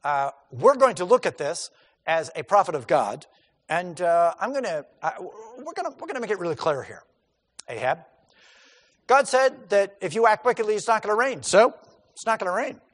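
A man's voice: high voice, very animated, normal speed, fairly bright tone, exaggerated voice. A man voicing a bold, defiant male prophet who speaks bluntly and mocks his opponents, quoted inside a sermon. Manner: blunt, mocking, emphatic. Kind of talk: acted quotation within a sermon. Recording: long hall reverb.

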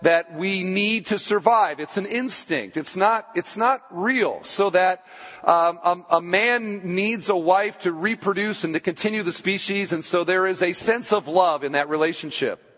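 A man preaching from the pulpit, his somewhat high voice pressing hard and then slowing deliberately on the words he wants to land. Long reverb trails off each phrase in the church hall. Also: a bit bright. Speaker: pastor. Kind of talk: sermon.

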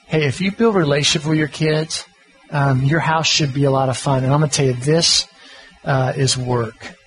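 A middle-aged man preaches in a relaxed, folksy way. His voice sits a touch higher than most men's, and he talks like he's chatting with friends. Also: normal speed, faint music behind, rough recording. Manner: folksy, conversational, self-deprecating. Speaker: pastor. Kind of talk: sermon on parenting.

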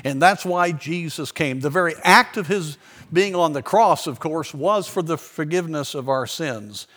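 A man preaching a sermon, telling a story in an earnest way and slowing down for emphasis. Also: fairly high pitch, lively intonation, a bit bright.

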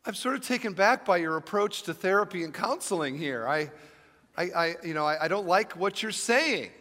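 A man's voice: high voice, animated, moderate pace, sharp tone, in a large hall. A man voicing a nervous female therapy patient who stammers and hesitates. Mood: flustered. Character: anxious woman patient, hesitant.

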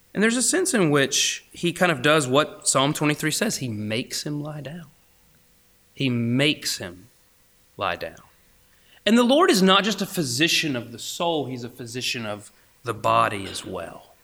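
A young man preaching a sermon, going from emphatic, raised passages down to hushed, almost whispered lines. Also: fairly high pitch. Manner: swings between emphatic and hushed, near-whispered asides. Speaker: pastor.

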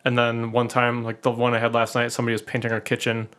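A man co-hosting a podcast in casual chat, throwing in deadpan jokes. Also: medium pitch, fast. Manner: deadpan joker. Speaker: podcast co-host.

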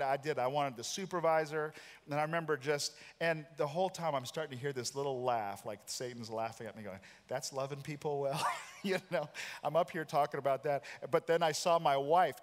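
A pastor in his forties preaching a sermon, telling a personal story with animated, self-deprecating humor. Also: mid-range voice. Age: 40s. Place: large church auditorium. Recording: church hall reverb.

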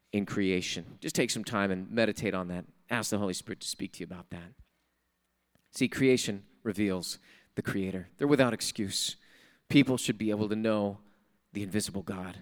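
A male pastor preaching a sermon in a church, emphatic, repeating key phrases and putting questions to the congregation. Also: fairly low pitch. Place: church sanctuary.

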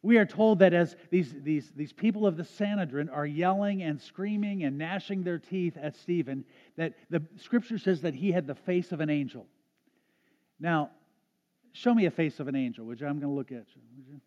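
A man's voice: on the high side, moderate pace, darkish tone. A man preaching a sermon as a pastor in a church, earnest, often restarting his phrases. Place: church sanctuary. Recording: dull, echoey sanctuary sound.

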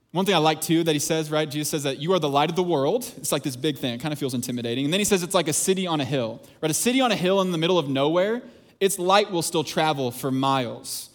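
A man preaching a sermon to his church, earnest and emphatic. His voice sits a little higher than most men's, and he drives his points home through repetition before easing into softer, quieter asides. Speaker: pastor.

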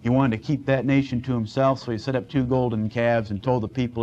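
A man's voice: medium pitch, little pitch movement, a little mellow. Folksy preacher man, muffled recording. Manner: folksy and conversational, slows down to stress points. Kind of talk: sermon, Bible teaching. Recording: dull lo-fi sound.

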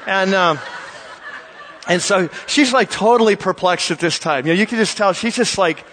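A male pastor telling a story to his congregation at a church service, animated and chatty with frequent uhs. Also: sits high, moderate pace, a faint crowd, a little hiss or hum.

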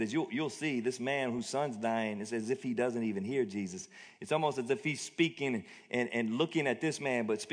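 A man preaching a conversational, plainspoken sermon as pastor of his church. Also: fairly high pitch. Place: church auditorium. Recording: long hall reverb.

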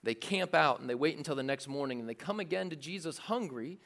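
A man preaching a sermon in a lively, joking way, acting out the voices of the crowd. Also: a little high, fast talker, creaky. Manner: animated, jokey preaching with acted-out crowd voices. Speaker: pastor.

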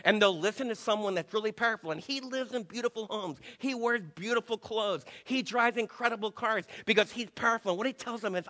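A man's voice: extremely high pitch, quick pace, hardly any pauses, sharp tone, in a large hall. A man preaching a sermon to his church in an emphatic, conversational way, acting out quotes. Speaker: pastor.

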